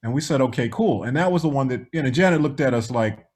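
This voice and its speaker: A man's voice: medium pitch, quick pace. A man, a music producer guest, telling a story in an interview and acting out the voices of the people in it. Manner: animated, acts out quoted voices.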